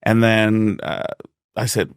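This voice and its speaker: A Mexican man with a Mexican accent, a stand-up comedian guest telling animated stories in a casual podcast interview, acting out dialogue and swearing freely. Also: lowish voice, takes it slowly, smooth, no echo, studio quality. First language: Spanish.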